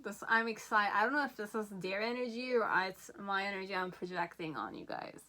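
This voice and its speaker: A woman giving a pick-a-card tarot reading, excitable, often checking in with "okay?" and a bit out of breath. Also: mid-range voice, brisk. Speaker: tarot reader.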